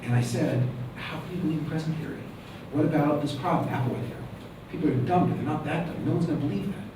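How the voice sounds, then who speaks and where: A man lecturing as a rabbi to students, animated and joking, firing rhetorical questions at the room. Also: on the high side, quick pace. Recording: very echoey room, mic at a distance, faint background hum.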